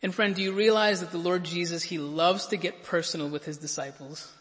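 A man's voice: high voice, fairly even intonation, brisk, fairly bright tone. A man preaching a sermon, earnest and stammering into repeated words, then rising to emphatic peaks. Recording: long reverb of a large hall.

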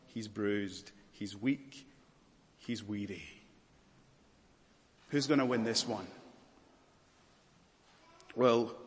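A man's voice: medium pitch, a bit bright, in a large hall. A man preaching a sermon in a dramatic, emphatic manner, stacking up repeated words and lists.

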